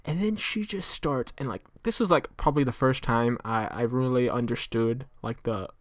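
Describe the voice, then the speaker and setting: A man's voice: medium pitch, moderate pace, no room sound, clean studio sound. A young man co-hosting a podcast, telling stories in a rambling, casual way with lots of fillers. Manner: rambling storyteller, full of fillers, laughs while telling. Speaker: podcast co-host.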